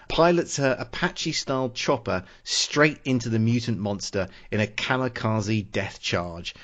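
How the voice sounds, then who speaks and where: A man hosting a casual film-review podcast, reading his setup smoothly but halting with many fillers and restarts when speaking off the cuff. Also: medium pitch, dull audio. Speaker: podcast host.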